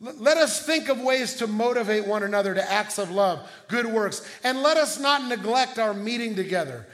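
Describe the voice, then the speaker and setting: A middle-aged man preaching a sermon as pastor, telling stories in a conversational way with quick restarts. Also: sits high, lively intonation, a bit bright.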